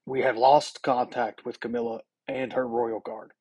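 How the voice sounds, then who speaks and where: Guy doing a young sci-fi king, serious and commanding, kinda husky voice, middle pitch. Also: little pitch movement, a little slow, dark tone. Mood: grave. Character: young determined male space king.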